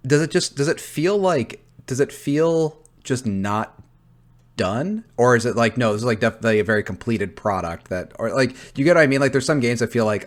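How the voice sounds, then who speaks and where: A man's voice: mid-range voice, a little fast. A man co-hosting a casual podcast chat, laughing often and asking follow-up questions. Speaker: podcast co-host.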